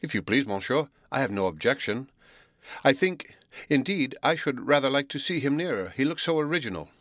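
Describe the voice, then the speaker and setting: Man doing a polite gentle young lady, soft and lifted, storybook reading, dry sound. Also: medium pitch, animated, a little fast, no echo, voice pushed up, lightly acted. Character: modest young Swiss woman, polite and gentle.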